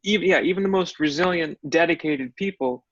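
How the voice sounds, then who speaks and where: Male actor, interview guest, a bit high-pitched, reflective storyteller, dead-dry lo-fi sound. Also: brisk, no echo. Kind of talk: casual interview. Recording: dull, dry audio.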